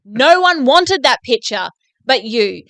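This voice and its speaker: A woman co-hosting a podcast, ranting in an animated, sweary way during casual chat. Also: high-pitched, takes it slowly, no room sound. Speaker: podcast co-host.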